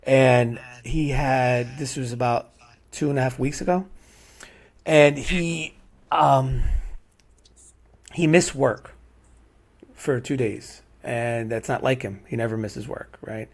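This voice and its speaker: Middle-aged guy hosting a podcast, rambly and heartfelt, keeps saying right?, ordinary pitch. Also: steady tone, takes it slowly, pauses often. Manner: rambling, repeats "right?" often. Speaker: podcast host. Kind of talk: casual heartfelt conversation.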